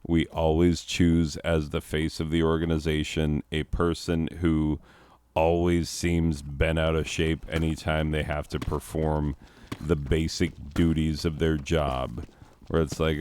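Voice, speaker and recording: A man's voice: very deep voice, level tone, measured pace, darkish tone, smooth. A man, a teacher, chatting casually and rambling sarcastically while he plays a game, chuckling now and then.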